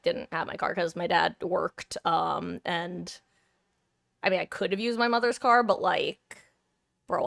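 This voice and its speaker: A woman's voice: mid-range voice, creaky, a bit bright, dry recording, studio quality. A young adult woman from Southern California, streaming and chatting casually with viewers in a rambling, self-deprecating way with casual swearing.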